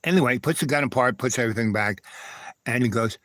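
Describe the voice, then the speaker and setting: A man hosting a live stream, wandering through a personal story at a relaxed, meandering pace with many asides. His pitch sits in an ordinary middle range, and the sound is close and dry with almost no room echo. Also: fast talker. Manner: digressive, loose, full of "right?" and "anyway".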